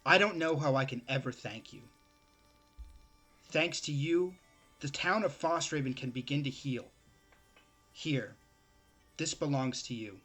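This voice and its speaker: A man voicing a firm, stern young woman, speaking in his own lowered voice. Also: lively intonation, measured pace, pushed and bright, faint music behind, exaggerated voice. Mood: grateful. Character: stern young woman, avenging her sister.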